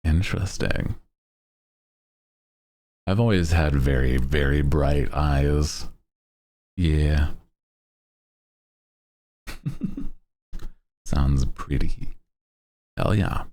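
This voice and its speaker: Deep-voiced, playful male streamer. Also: extremely slow, pauses often, a little mellow. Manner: playful, self-mocking, laughs often. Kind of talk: casual chat.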